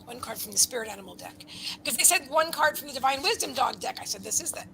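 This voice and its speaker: A woman giving a live psychic card reading, rambling and breaking off mid-sentence, with quiet murmured asides. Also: high-pitched, lively intonation, fast talker, vocal fry, slight background noise, poor audio. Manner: rambling, self-interrupting, drops into soft asides. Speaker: psychic reader.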